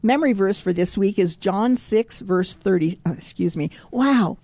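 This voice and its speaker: A woman hosts a devotional Christian radio show, working through Bible verses and daily confessions. She talks in a chatty, unpolished way, laughing often and correcting her own slips. Her voice is warm and mellow, recorded close and dry on a studio mic. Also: mid-range voice, expressive, normal speed, no room sound. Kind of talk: devotional radio talk with scripture reading.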